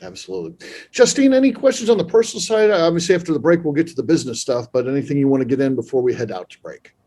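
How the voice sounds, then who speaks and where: A man's voice: a little high, rapid-fire, vocal fry, mellow. A man hosting a podcast interview, speaking enthusiastically and repeating words as he thinks. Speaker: podcast host. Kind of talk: casual interview chat.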